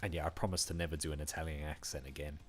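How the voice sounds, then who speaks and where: Streaming a game, an Australian man from Western Australia keeps up casual commentary with his viewers, laughing frequently and thanking them by name. He talks rapid-fire in a rumbling low, level voice over soft background music.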